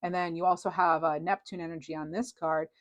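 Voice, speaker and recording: A woman's voice: on the low side, level tone, a little fast. A woman reading tarot cards in a casual, rambling and reassuring way, with many fillers. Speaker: tarot reader.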